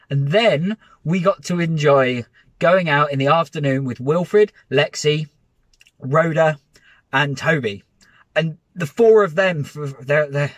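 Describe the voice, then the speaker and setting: A man, a dog walker gushing with excitement and laughing often as he talks through his week on a live stream. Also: a little high. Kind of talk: casual live stream roundup.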